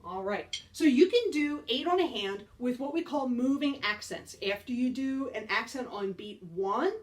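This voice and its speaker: Upbeat woman band teacher, fairly high voice, a little off-mic, encouraging beginners. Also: animated, normal speed, recorded from a distance, slight background noise. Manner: upbeat, encouraging, counts beats aloud. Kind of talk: beginner percussion lesson.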